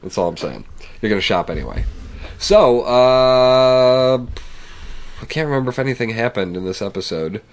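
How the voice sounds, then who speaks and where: A man with a sick voice, co-hosting a podcast and recapping a TV episode in a relaxed, musing way. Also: mid-range voice, normal speed. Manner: relaxed, musing, hesitant with fillers. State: sick, congested voice. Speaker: podcast co-host. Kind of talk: casual chat recapping a TV episode.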